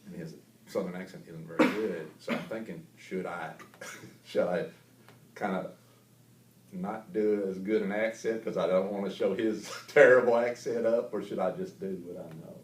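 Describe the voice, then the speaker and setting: A man's voice: sits low, fairly even intonation, moderate pace. A man from the American South, a voice actor, chatting and telling anecdotes with frequent laughs. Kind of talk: casual interview. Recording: roomy, distant mic with ambience.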